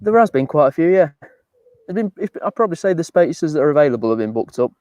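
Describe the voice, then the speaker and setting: A man co-presenting a live show by video call, chatting in a relaxed, easygoing way. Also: on the high side, fast talker, dry recording, dull audio. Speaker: co-presenter calling in from a campsite. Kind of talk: casual live-stream chat.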